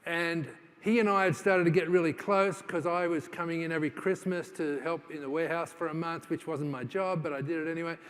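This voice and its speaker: A man with a slightly high voice gives a keynote to a live audience, telling his story in a loose, conversational way full of "uh"s and restarts. He slips into the voices of people in his story as he goes. His voice carries the long reverb of a large conference hall. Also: steady tone, a little fast, hardly any pauses, a bit bright. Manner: conversational, with many fillers and restarts; acts out quoted dialogue in his stories. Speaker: keynote speaker.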